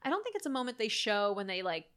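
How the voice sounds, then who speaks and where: A young woman in casual chat about a film, animated and full of "like", sometimes swearing. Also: mid-range voice, fast talker, clean tone. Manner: animated, swearing, heavy use of "like", jumps into excited shrieks. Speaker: podcast co-host discussing a film.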